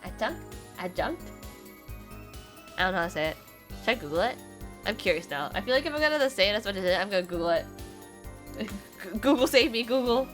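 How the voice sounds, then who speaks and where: A woman's voice: medium pitch, lively intonation, quick pace, pauses often, a bit bright. Sarcastic woman streamer over game music. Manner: sarcastic, blunt, laughs often. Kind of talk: casual gameplay commentary.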